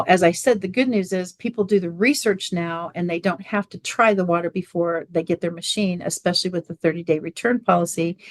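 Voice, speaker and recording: A middle-aged woman, a guest on an interview show, telling a lively personal story and acting out family dialogue. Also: fairly low pitch, no echo. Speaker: guest, water machine business owner.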